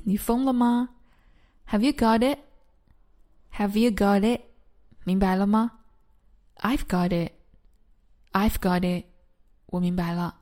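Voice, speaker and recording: Female English tutor, measured drill delivery, unhurried, average pitch. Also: darkish tone. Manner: repeats each phrase slowly and clearly, then translates. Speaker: English teacher. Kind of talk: slow phrase-drill lesson, English then Chinese.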